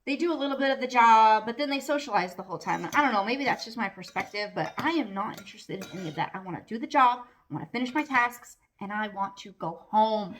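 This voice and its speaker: A woman's voice: mid-range voice, expressive, brisk, slight background noise. A middle-aged woman vlogging at home in a candid, casual monologue, earnest and emphatic with lots of "like" fillers.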